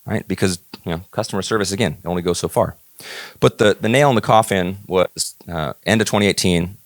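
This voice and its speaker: A man's voice: sits low, no room sound. A middle-aged man from Northern California giving a motivational talk, telling stories and acting out the dialogue with rising emphasis. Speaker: keynote speaker.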